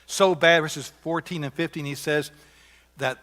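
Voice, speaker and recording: A man with a Southern US accent preaching a sermon, reading scripture with rising force and dropping to quiet asides. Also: fairly high pitch, fairly even intonation, a little slow. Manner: imitates bird calls to illustrate. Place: church sanctuary. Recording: church sanctuary with long reverb.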